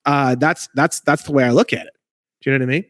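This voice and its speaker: A man's voice: medium pitch, steady tone, fast, fairly bright tone, dry recording, clean studio sound. A man ranting in casual conversation over a video call, emphatic, rambling and profane, as a guest legal researcher.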